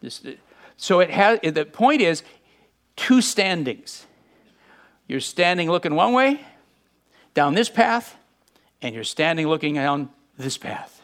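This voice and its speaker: A man with a fairly high voice preaches a sermon. He talks to the congregation in a conversational way and acts out the voices of the people in the story with lively bursts. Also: slow pace, long pauses. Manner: conversational and animated, acting out quotes.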